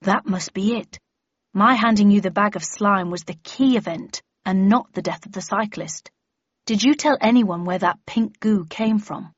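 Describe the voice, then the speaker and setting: Brief: a woman reading as an eccentric older dad, husky, measured and unhurried, on a muffled recording. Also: medium pitch, dry recording, lightly acted. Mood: thoughtful. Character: wry older father, calm and eccentric.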